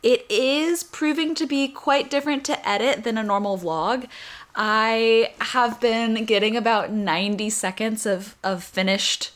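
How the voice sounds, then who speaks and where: A woman's voice: a little high, unhurried, a bit bright. A young woman vlogger chatting casually and upbeat while baking in her home kitchen. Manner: chatty, upbeat, self-deprecating.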